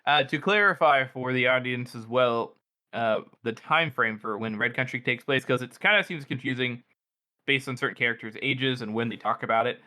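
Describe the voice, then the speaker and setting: A male podcast co-host with a bright, forceful voice at a middle pitch. He explains things step by step, hedging with "uh" and "like" as he goes. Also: normal speed. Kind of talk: casual book discussion.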